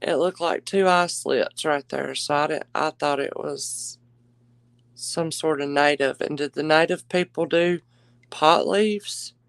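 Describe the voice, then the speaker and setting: A woman's voice: deep voice, a little slow, vocal fry, clear, resonant tone, no echo, rough recording. A woman hosting a live jewelry auction stream, chatty and gushing, calling her viewers darling and y'all. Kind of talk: casual live-stream selling chat.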